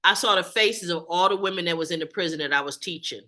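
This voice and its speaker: A woman who facilitates a support group, telling her own story in a frank, animated, self-mocking way. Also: fairly low pitch, fast talker. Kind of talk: candid group share.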